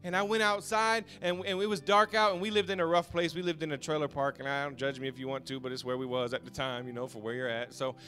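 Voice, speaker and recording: Male pastor with a high, bright voice, emotional testimony that swings from hush to shout, faint music under him. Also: little pitch movement. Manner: swings from hushed storytelling to shouted passion; halting, repeats words when moved. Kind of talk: emotional personal testimony sermon.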